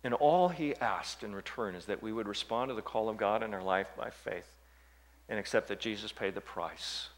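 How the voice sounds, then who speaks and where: A male pastor preaching a sermon, dropping to hushed, low passages and rising to loud, emphatic scripture reading. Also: moderate pace. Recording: long hall reverb.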